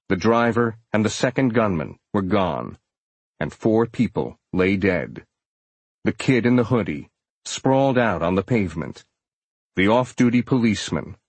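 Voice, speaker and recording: Husky low-voiced male audiobook narrator. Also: no echo. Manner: steady, dramatic storytelling.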